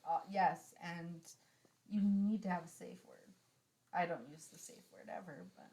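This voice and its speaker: A woman's voice: lowish voice, fairly even intonation, normal speed, warm tone. A woman hosting a casual podcast chat, frank and blunt, laughing often. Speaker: podcast host.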